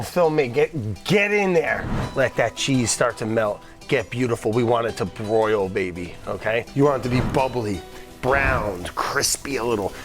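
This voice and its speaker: A middle-aged man hosting a casual cooking demonstration in a kitchen, enthusiastic and jokey, with the odd swear and asides to the crew. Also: mid-range voice. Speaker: cooking show host.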